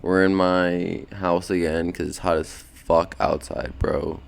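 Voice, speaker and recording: A drowsy young man hosts his podcast from a beanbag at home, his deep voice grainy with vocal fry yet smooth and resonant. He rambles in a relaxed, slangy way, swearing casually as his thoughts drift. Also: slow pace. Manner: laid-back, slangy, meandering, cursing. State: sleepy, just woken up. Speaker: podcast host.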